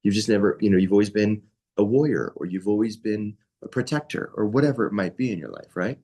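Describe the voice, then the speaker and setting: A young man with a fairly low voice leads a yoga training class. He talks casually and conversationally, stopping often to check in with his students. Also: quick pace, dark tone, husky. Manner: casual, conversational, with many asides and "right?". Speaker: yoga teacher.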